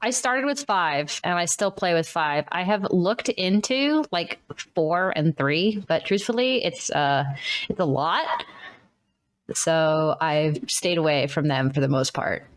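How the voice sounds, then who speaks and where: A woman in her twenties being interviewed on a podcast, answering in a relaxed, candid way. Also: fairly low pitch, a little slow. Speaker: interview guest. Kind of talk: casual interview.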